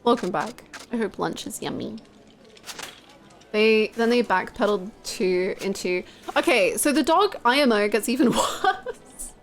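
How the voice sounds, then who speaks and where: A young British woman streaming a game and chatting with viewers, telling stories in an animated, laughing way. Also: fairly high pitch, a little slow, a little hiss or hum. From United Kingdom. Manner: animated, laughing storytelling, reading chat aloud. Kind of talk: casual live-stream chat with viewers.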